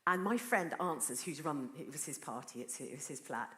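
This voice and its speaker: A woman preaching a sermon, telling a story in an earnest, animated way. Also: sits low, normal speed. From Britain. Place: church. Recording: roomy church echo.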